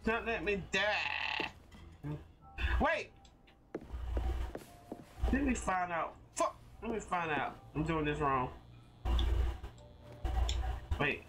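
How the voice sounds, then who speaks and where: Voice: medium pitch, takes it slowly, long pauses, music in the background. A streamer chatting casually while playing a cooking game, talking to self and viewers, laughing a lot and swearing when things go wrong. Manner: talks to self and chat, laughs often, curses when frustrated. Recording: clicking and steady noise behind.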